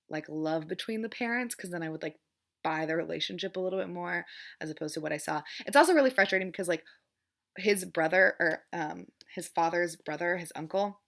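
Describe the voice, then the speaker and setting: Young woman with a gravelly, bright voice. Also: low-pitched. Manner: rambling, many fillers and restarts, repeats "frustrating"; chatty, laughs often. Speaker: book vlogger. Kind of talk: casual monthly book wrap-up.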